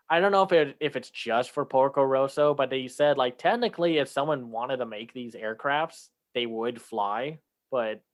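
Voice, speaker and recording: A man co-hosting a casual chat, talking loosely with many fillers and restarts, sometimes acting out lines in a raised voice. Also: medium pitch. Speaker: podcast co-host.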